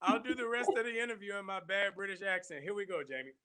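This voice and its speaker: A man being interviewed as an actor, chatting casually and telling playful, animated stories. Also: high voice, quick pace. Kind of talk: casual chat.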